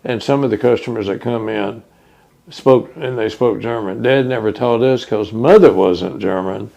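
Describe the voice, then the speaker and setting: An older man from Texas, recalling his hometown in an oral history interview, unhurried and full of fillers. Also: on the low side, creaky, dark tone, muffled recording. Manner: reminiscing, unhurried with many fillers.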